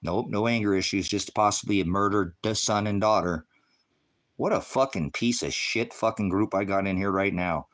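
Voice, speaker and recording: A man's voice: lowish voice, moderate pace. A middle-aged man ranting on a livestream, heated, profane and confrontational, lecturing his viewers and the chat directly. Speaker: livestream host. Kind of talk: livestream rant.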